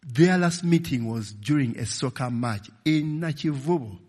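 A man's voice: medium pitch, moderate pace, hardly any pauses, slightly rough. A middle-aged Ugandan man preaching a sermon with personal stories, checking in with the congregation with "okay?" and "eh?". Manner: animated, calls "okay?" and "eh?" to the audience. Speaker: pastor. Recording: long echo of a large hall.

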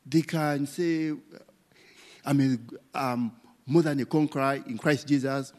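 Slow, teasing pastor. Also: male voice, mid-range voice, fairly even intonation, darkish tone. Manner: teasing, rhetorical "what?" questions, frequent "eh?" and "okay?" tags. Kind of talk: interactive sermon. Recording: long reverb of a hall.

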